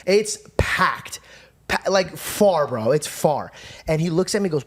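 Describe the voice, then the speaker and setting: A podcast host with a fairly high-pitched male voice tells a story at normal speed in animated, casual chat. He's excitable and swears, acting out both sides of an argument.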